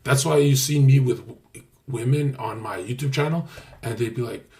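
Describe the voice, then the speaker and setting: Young male streamer, cocky and profane, mid-pitched, lurches from quiet mumbles to shouts. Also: normal speed. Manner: brash, profane, boastful, swings from mutters to loud outbursts. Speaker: livestreamer. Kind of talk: casual stream talk.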